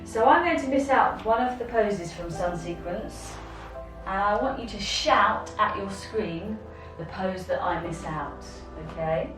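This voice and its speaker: A woman's voice: mid-range voice, animated, unhurried, roomy sound, recorded from a distance, over music. A woman teaching an online yoga lesson for children, encouraging them step by step.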